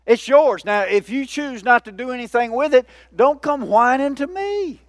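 A man preaching a sermon as pastor, a lively, joking speaker who keeps calling out to his congregation. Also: very high-pitched, moderate pace, hardly any pauses, no echo, clean studio sound.

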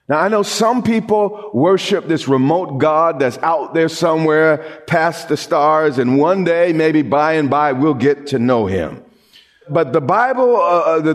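A middle-aged man delivers a sermon as a pastor, his voice leaping through a wide, animated range. He sits slightly high for a man, stumbling over restarts before building into emphatic repeated lines. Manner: lively preaching with repeated restarts and rising emphasis.

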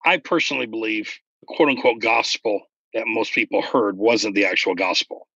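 A man in casual conversation about faith, explaining earnestly and getting animated when he retells stories. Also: on the low side, moderate pace, no room sound, muffled recording.

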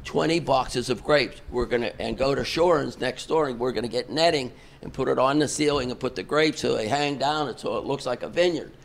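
A man's voice: medium pitch, fairly quick, vocal fry, hardly any pauses. An older man, a concert promoter telling a long rambling backstage story full of fillers and restarts. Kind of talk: casual storytelling.

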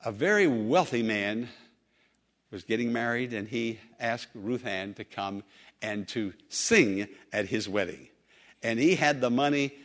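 Male preacher, mid-pitched, earnest sermon storytelling, emphatic. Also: fairly bright tone. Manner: earnest, emphatic, with slow drawn-out phrases.

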